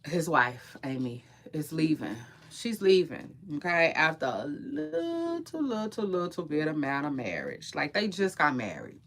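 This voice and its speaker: A young woman with a bright, forceful voice chats straight to her viewers. She speaks AAVE and swings her pitch a lot, offering strong opinions in a loose, rambling way, restarting and repeating words as she goes. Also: very animated, unhurried, few pauses. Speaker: gossip and entertainment commentator. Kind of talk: casual chat to viewers.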